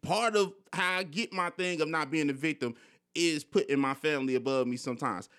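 A man's voice: on the high side, brisk, a bit bright. A young man hosting a podcast, telling personal stories candidly in casual slang with frequent swearing. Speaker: podcast host. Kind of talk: casual conversation.

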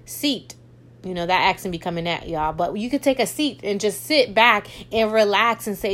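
A woman's voice: fairly high pitch, moderate pace, a bit bright. A young woman hosting a faith podcast, talking in a preachy way and repeating phrases for emphasis. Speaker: podcast host. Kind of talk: faith-based encouragement monologue.

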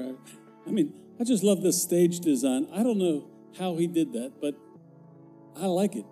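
A man's voice: a little high, animated, measured pace, warm tone, faint music behind. An older man preaching a folksy, joking sermon in a church, growing emphatic as he goes. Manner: folksy, jokey, grows emphatic. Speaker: former pastor, guest preacher. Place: church sanctuary.

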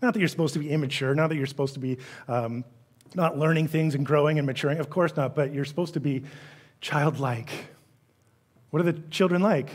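A man preaching a sermon as pastor, animated, acting out the voices he quotes and swinging between loud, emphatic lines and hushed ones. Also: on the high side, a little fast.

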